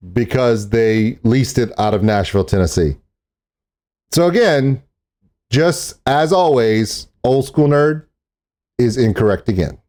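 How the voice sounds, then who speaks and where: Regular-pitched guy rambling through his vlog, jokes at his own expense. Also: a little mellow. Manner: chatty, self-deprecating. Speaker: vlogger. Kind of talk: casual vlog narration. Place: outdoors in a parking lot.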